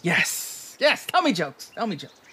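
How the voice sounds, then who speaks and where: A man's voice: high voice, big pitch swings, sharp tone, breathy edge, pitched above the performer's own voice, full character voice. A man voicing a suspicious, pompous holy banana paladin who calls things evil. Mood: demanding. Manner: indignant, quick to call things evil.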